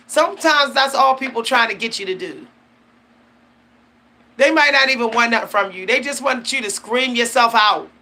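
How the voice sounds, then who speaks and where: A woman with a fairly high, pushed and bright voice hosts her own channel, talking to camera about spiritual matters. She is casual and emphatic, uses slang, and laughs often.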